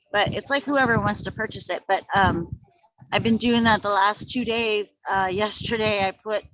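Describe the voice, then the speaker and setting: A woman's voice: medium pitch, fairly bright tone, no room sound, poor audio. Upbeat woman telling a sales story. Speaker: team member. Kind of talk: casual chat.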